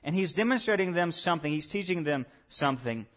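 A pastor preaching a sermon to a church congregation, asking them direct questions and moving between quiet asides and loud emphatic points. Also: male voice, fairly high pitch, expressive, fairly quick.

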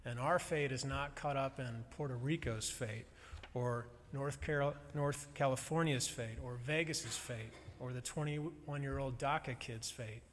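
A man's voice: mid-range voice, unhurried, hardly any pauses, slight background noise. Man preaching in an echoing hall. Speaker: pastor. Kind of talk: sermon. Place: church sanctuary. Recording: long reverb of a large hall.

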